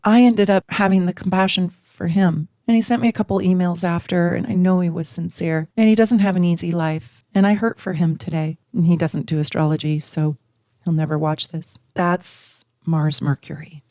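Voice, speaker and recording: A middle-aged woman with a low, grounded voice talks astrology straight to camera. She is emphatic and blunt, stacking words into long lists and letting a swear slip. The sound is close and dry, with no room around it. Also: darkish tone, no room sound. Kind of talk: casual astrology teaching to camera.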